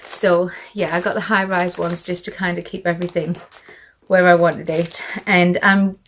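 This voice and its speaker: A woman's voice: lowish voice, flat delivery, moderate pace, a little hiss or hum. A British woman chatting through a casual show-and-tell vlog, a little out of breath, rambling with fillers and asides. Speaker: vlogger.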